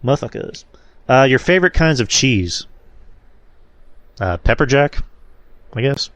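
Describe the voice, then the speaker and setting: A man's voice: medium pitch, sing-song, measured pace, fairly bright tone, no echo. A young man hosting a podcast in casual chat, rambling with lots of fillers and restarts. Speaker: podcast host.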